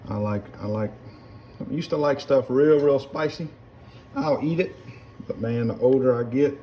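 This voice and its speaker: This casual cooking demonstration features a middle-aged man from South Louisiana, cooking at home and chatting folksily with viewers he keeps calling "guys." His voice sits fairly low with a warm tone. Utensils and pots clink in the background, and there's a little hiss or hum.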